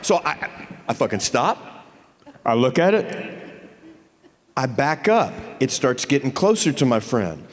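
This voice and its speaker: Man, convention panel storyteller, lively voice, swearing, stammering restarts, long hall reverb. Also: fairly high pitch. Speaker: actor on a fan convention panel. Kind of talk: profane comic storytelling. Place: convention stage.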